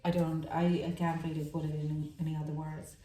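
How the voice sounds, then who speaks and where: Halting, emotional woman reading tarot, echoey room. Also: low voice, little pitch movement, dark tone, recorded from a distance, a little hiss or hum. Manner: halting, emotional, many fillers and restarts. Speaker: tarot reader. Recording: echoey room, voice a little off-mic.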